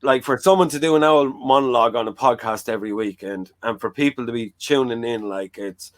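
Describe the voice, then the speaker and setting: A man's voice: mid-range voice, a little fast, no echo. Frank rambling man, dry close sound. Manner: rambling, frank, fillers like "like" and "you know". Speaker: talk show host. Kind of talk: casual chat.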